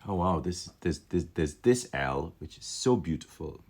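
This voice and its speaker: A man with a very deep voice talks through calligraphy letters on a live stream. He sounds enthusiastic and thinks out loud, repeating words and restarting as he goes. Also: lively intonation, normal speed. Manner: enthusiastic, musing, full of restarts and filler. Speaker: calligraphy teacher. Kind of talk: live-streamed lesson, casual commentary.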